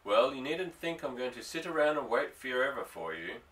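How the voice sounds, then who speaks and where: A man reads an anxious young woman in an audiobook, her lines gloomy and sharp, in a bright, forceful voice. The voice sits a little away from the mic. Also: medium pitch, sing-song, moderate pace, recorded from a distance, low-quality recording. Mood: worried. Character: young Scottish woman, worried and sharp-tongued.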